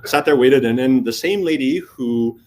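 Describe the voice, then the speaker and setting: In a conference hall, a middle-aged conference speaker tells stories in a casual style, performing the quotes and cursing liberally. His mid-range voice is a little mellow and moves at a normal speed.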